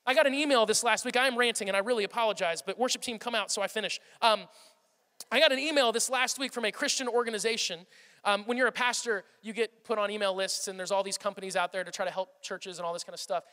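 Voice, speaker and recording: A man's voice: sits high, fast, pushed and bright, long reverb tail. A pastor in his thirties preaching a sermon with passion, often restarting his sentences. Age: 30s. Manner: impassioned, rambling with restarts. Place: church hall.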